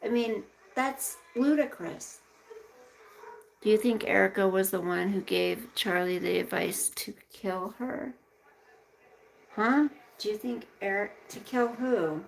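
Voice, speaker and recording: Gravelly-voiced woman ranting on a livestream. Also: mid-range voice, slow pace, a little hiss or hum, poor audio. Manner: indignant ranting, slipping into baby talk with her pet. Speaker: livestream host. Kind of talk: casual live-stream chat.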